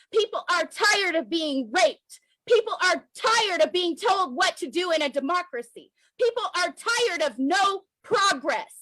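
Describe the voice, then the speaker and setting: In an impassioned video, this American woman, an activist commentator, repeats each point for emphasis, her very high, bright voice full of emotion. Her delivery is crisp and forceful, captured close-up in a dry recording without echo.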